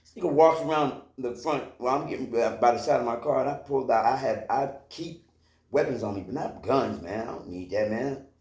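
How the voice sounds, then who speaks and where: A man's voice: mid-range voice, a little fast, darkish tone. A man casually telling a personal story from his own life, rambling, with lots of fillers and swearing. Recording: roomy echo.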